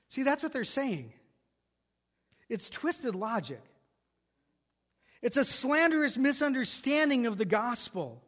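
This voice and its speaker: A man's voice: very high voice, very animated, a little slow, pauses often. A pastor preaching an earnest expository sermon, often restarting and repeating words as he works through a passage.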